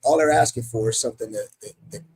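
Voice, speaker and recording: Emphatic husky American man. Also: medium pitch, quick pace, darkish tone, poor audio. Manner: emphatic, many repeated restarts. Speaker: union president. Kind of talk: podcast interview answers.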